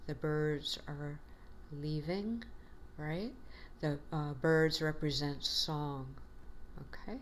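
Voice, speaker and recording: A woman's voice: low-pitched, takes it slowly, a little hiss or hum. A woman teacher giving a classroom lecture in a patient, encouraging way, with frequent fillers.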